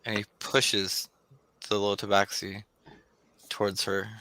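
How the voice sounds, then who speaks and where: A man narrating a tabletop game as game master in slow, dramatic storytelling. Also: on the low side, little pitch movement, pushed and bright, no echo.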